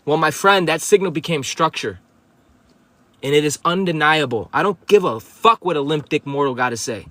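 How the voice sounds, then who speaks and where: Profane, preachy man with a higher voice. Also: expressive, normal speed, bright, forceful tone, no echo. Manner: profane, confrontational, preachy, addresses viewers as bro. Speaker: livestream host. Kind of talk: spiritual livestream monologue.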